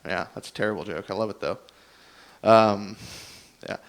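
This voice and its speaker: A man's voice: fairly low pitch, moderate pace. Man, young adult, stand-up comedian, rambling, self-deprecating, acts out dialogue. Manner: rambling, self-deprecating storytelling that acts out both sides of each exchange.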